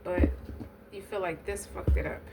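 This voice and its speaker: A woman's voice: lowish voice, creaky. Woman tarot reader, blunt and foul-mouthed, rambling delivery; distant mic, noisy recording. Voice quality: blunt, profane, streetwise talk. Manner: rambling, frequent restarts and asides. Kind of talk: casual tarot reading.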